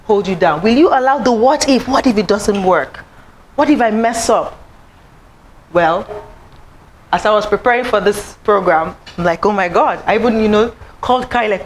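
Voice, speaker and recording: A woman giving an animated, personal inspirational talk to a live audience, acting out what others said to her. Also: normal speed, a little hiss or hum, rough recording. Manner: animated, acts out quoted voices, rising to high exclaims. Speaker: motivational speaker. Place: event room.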